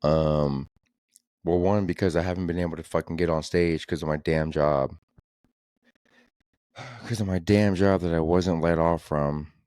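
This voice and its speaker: A man's voice: deep voice, steady tone, unhurried, pauses often, darkish tone, clean tone, dry recording, studio quality. A young man hosting a solo comedy podcast, rambling through exasperated, profane rants about the news. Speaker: podcast host.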